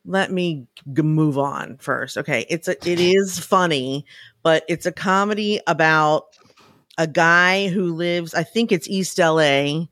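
Female podcast co-host, casual storyteller, bursts into animated impressions, dry close sound. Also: fairly low pitch, unhurried, no room sound. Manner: animated storytelling, breaks into loud excited impressions. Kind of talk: casual chat.

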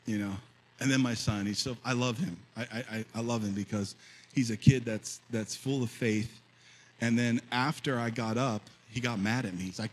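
A man in his fifties preaching to his church, his tone bright and forward. There is a husky grain to his voice, and he moves from easygoing storytelling to loud, fervent calls to the congregation. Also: medium pitch, steady tone, moderate pace, rough recording. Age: 50s. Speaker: pastor. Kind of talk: sermon.

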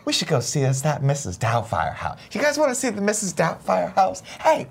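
A man's voice: sits high, huge pitch swings, a little fast, creaky, slight background noise, voice pushed up, exaggerated voice. A man putting on a folksy southern drawl. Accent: American Southern. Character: folksy southern man, tourist-type storyteller.

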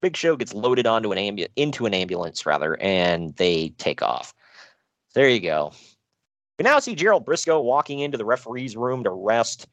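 A man co-hosting a casual podcast chat, recapping wrestling shows in an animated, joking way with frequent laughs. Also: moderate pace, no room sound. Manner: animated, laughing, swearing, jumps in pitch.

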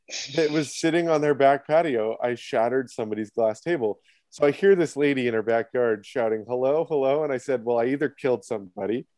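A man's voice: mid-range voice, darkish tone, dry recording. Laid-back man telling a golf story. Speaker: podcast guest, head of production. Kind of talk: casual chat, storytelling.

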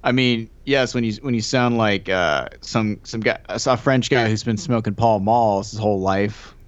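A man's voice: lowish voice, normal speed, no echo. A man co-hosting a casual chat, laid-back and rambling, chuckling at his own remarks. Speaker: podcast co-host. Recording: slightly dull lo-fi sound.

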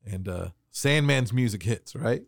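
A man telling a story on a podcast in a casual, animated way, laughing and acting out the voices of people in his anecdotes. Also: medium pitch, measured pace, creaky, dry recording, clean studio sound. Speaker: wrestling referee telling a story.

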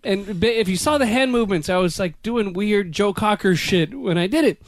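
A man telling stories in casual chat, laughing and acting out voices and yells. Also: high voice, moderate pace, dry recording. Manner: animated storyteller, laughing, acts out voices and yells.

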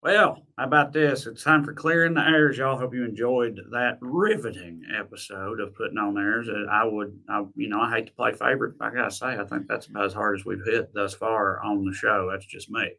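A man co-hosting a podcast recap segment, relaxed and rambling. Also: on the low side, fairly quick, vocal fry, few pauses. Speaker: podcast co-host. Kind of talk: casual recap chat.

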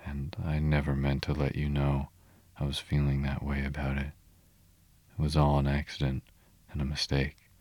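A small, tearful male mole from a storybook pleads in broken, sobbing phrases, as a man reads him aloud. The voice sits extremely deep and barely moves in pitch. It is recorded close and dry. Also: completely flat delivery, normal speed, darkish tone, dry recording. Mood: pleading.

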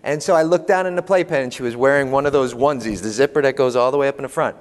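A man telling humorous, animated parenting stories to an audience as a panel speaker. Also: mid-range voice, very fast. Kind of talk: storytelling talk to an audience. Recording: long hall reverb.

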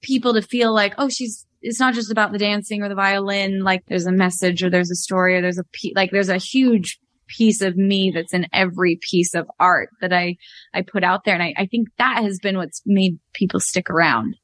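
A woman guest in an interview, talking in an earnest, heartfelt way with quick fillers. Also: medium pitch, fairly even intonation, a bit bright, dry recording. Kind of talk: conversational interview.

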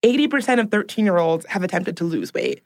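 A woman's voice: medium pitch, lively intonation, brisk. A woman co-hosting a podcast in casual chat, reading out facts and growing emphatic and indignant. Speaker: podcast co-host.

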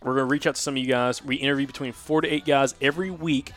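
A man's voice: mid-range voice, rapid-fire, faint music behind. A man with a Southern US accent co-hosting a hunting podcast, chatting casually and reading plugs. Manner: relaxed, plugs and outro delivered casually. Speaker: podcast co-host.

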